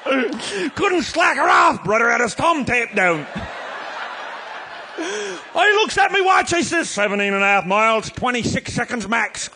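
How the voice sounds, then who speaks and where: A man with a Newfoundland accent telling a comic tall tale to a live audience, shouting and laughing as he goes. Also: extremely high pitch, very animated, unhurried, vocal fry, background noise. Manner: rollicking, shouting and laughing through a yarn. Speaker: storyteller.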